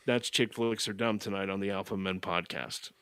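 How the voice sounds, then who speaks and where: A man's voice: deep voice, fairly even intonation, a little slow, sharp tone. A man hosting a podcast, recapping a movie in a casual, sarcastic, mocking way. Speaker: podcast host.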